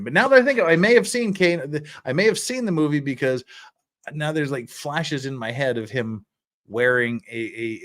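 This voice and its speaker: A man hosting a casual livestream, reading chat messages and rambling with frequent chuckles and restarts. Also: medium pitch. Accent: American. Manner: lively, rambling, chuckles often, restarts words.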